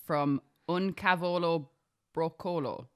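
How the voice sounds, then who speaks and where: A woman's voice: on the low side, takes it slowly, clear, resonant tone. A woman casually interviewing her partner and reading online comments aloud, laughing easily. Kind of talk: casual chat.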